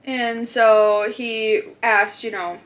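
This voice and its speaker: A woman's voice: a little high, steady tone, drawn-out words, fairly bright tone. A woman with a Minnesotan accent, telling a story in casual chat as a crochet vlogger, chatty and full of fillers. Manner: chatty, filler-heavy storytelling, exasperated rant.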